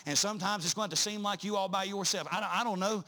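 High bright preacher man, chanting. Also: steady tone, fast talker. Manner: chanting, rising to shouts, many "uh" breaks. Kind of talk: sermon.

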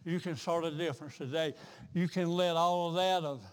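A preacher with a high voice delivers a revival sermon from the pulpit. He repeats his words in a rhythmic cadence and climbs to loud, fervent peaks. The sanctuary leaves a long, ringing reverb on every line. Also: fairly even intonation, moderate pace, clean tone. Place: church sanctuary.

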